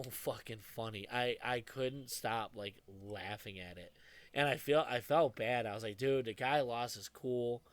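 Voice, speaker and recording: On a dry recording, a young adult man co-hosting a podcast tells stories casually, swearing freely and laughing a lot. His voice is mid-range.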